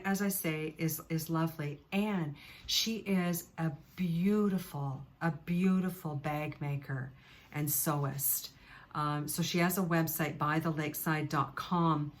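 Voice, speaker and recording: Low-voiced chatty woman podcast host. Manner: chatty and gushing, with many fillers. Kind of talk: casual chat to camera.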